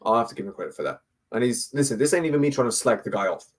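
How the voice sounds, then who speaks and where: A man's voice: mid-range voice, expressive, very fast. A man ranting as a football fan guest, repeating himself and asking "yeah?" over and over. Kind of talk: heated fan rant.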